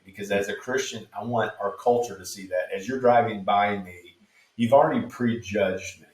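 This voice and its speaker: A man answering interview questions as a street preacher, telling his stories in a calm, measured way. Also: on the low side, far from the mic. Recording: echoey room, off mic.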